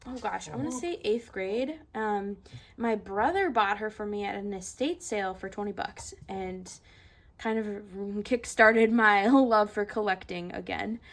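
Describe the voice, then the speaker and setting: A young woman chatting casually in a vlog, showing her doll collection, full of ums and likes, sometimes dropping to a soft whisper. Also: medium pitch, a little slow. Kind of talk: casual show-and-tell vlog.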